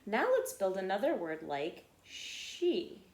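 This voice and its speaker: Slow, patient woman teaching phonics. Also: medium pitch, very animated, roomy sound. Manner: slow, patient, checks in with "okay?" and "right?". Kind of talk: phonics lesson for children.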